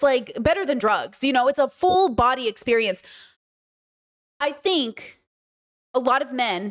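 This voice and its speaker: A woman hosting a livestream, reading chat comments and responding in an emphatic, animated way, full of fillers like "you know what I mean". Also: fairly high pitch. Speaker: podcast host.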